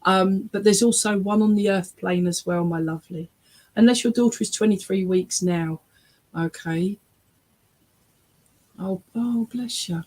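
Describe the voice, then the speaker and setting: A woman's voice: mid-range voice, steady tone, moderate pace, a little mellow. Chatty emotional woman medium on a video call. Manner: chatty, checks in often with "okay?" and "all right?"; emotional, breaks into laughter and tearful exclamations. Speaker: spiritualist medium. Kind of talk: online mediumship reading.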